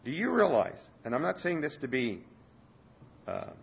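A man preaching a sermon with passion, swinging between loud urgency and quiet intensity. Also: a little high, very animated, moderate pace, gravelly, husky. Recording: dull lo-fi sermon recording.

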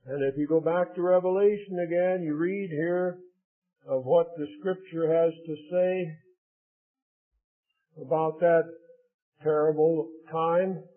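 A man preaching a sermon in a solemn, measured way, reading scripture aloud between his own remarks. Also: a little high, steady tone. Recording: tinny phone-like lo-fi recording.

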